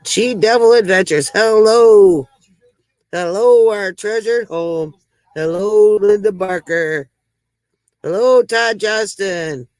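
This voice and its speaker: A woman's voice: mid-range voice, takes it slowly, pauses often, a little mellow, no room sound, rough recording. A woman hosting a casual livestream, chatting with viewers, greeting them by name and telling corny jokes. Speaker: livestream host.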